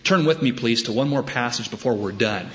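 A man preaching a sermon, telling a story with wry humor and deliberate emphasis. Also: medium pitch, expressive, lo-fi sound. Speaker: pastor.

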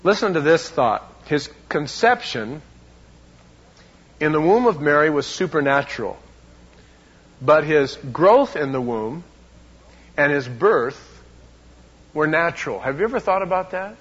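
A man preaching a sermon as a pastor, emphatic, swinging between loud and hushed, often repeating words. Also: on the high side, lively intonation, a little slow, pauses often, slightly rough, highs cut off.

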